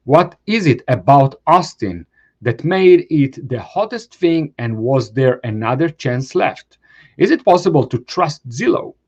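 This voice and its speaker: A man's voice: mid-range voice, very animated, unhurried, a little mellow, highs cut off. A man hosting a show, reading a post aloud in short phrases and adding brief comments of his own. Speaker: host.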